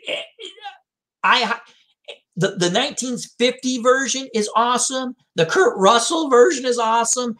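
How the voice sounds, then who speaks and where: Man, casual chat, animated storyteller, acts out film quotes. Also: extremely high pitch. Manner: animated, retells film scenes with quoted lines. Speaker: co-host.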